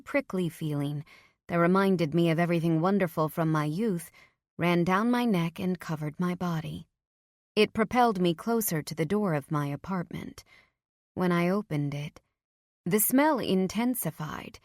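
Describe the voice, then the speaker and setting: A woman narrating a romance audiobook in the first person, with warm, playful storytelling. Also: on the low side, no room sound, clean studio sound.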